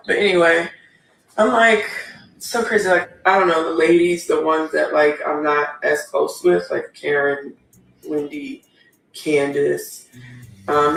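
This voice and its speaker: A man's voice: on the high side, level tone, unhurried, gravelly, a bit bright, reverberant, recorded from a distance, slight background noise, poor audio. A man voicing an upset wife defending herself, rambling and defensive.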